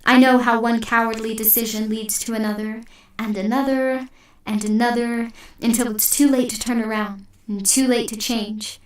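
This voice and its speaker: A woman voicing a stern older male priest who preaches forcefully to a crowd of townsfolk. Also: fairly high pitch, fairly even intonation, moderate pace, lightly acted. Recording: echoey room, distant mic.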